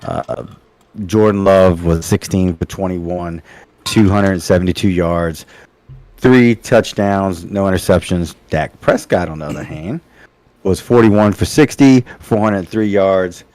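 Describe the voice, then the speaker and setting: A man's voice: deep voice, a little slow, darkish tone, no room sound. A man co-hosting a podcast in casual chat, joking and teasing and laughing often. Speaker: podcast co-host.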